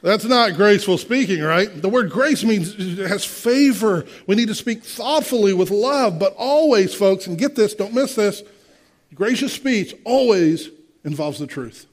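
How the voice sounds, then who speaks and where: A man's voice: high voice, lively intonation, measured pace. Emphatic preacher man in his sixties. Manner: emphatic, rhetorical questions, direct asides to the congregation. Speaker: pastor. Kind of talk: sermon.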